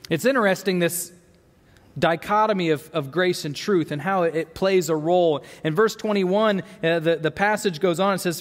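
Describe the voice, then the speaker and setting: A man's voice: high voice, moderate pace, long reverb tail. A man preaching a sermon into a microphone, earnest and full of rhetorical questions, often repeating words as he searches for the next thought. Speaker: pastor.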